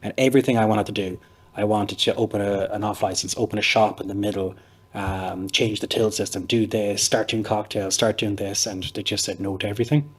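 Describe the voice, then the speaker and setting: A man's voice: lowish voice, fairly even intonation, a little fast, husky. An Irish man, a pub owner, telling his story in a chatty, rambling interview with lots of fillers. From Ireland.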